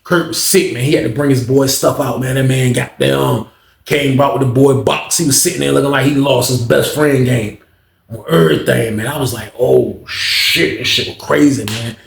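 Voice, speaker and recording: A man's voice: mid-range voice, moderate pace, creaky. A man casually telling a slangy, repetitive story about prison life, in a roomy echo. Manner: slangy, repetitive, animated retelling.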